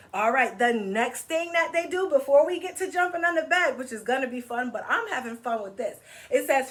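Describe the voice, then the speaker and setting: A high-voiced woman runs a children's story time. She sings the rhymes, asks the little ones questions and coaxes them to act out each step with her. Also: a little fast, fairly bright tone. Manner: playful, coaxing, asks kids to join in. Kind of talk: read-aloud with singing and movement.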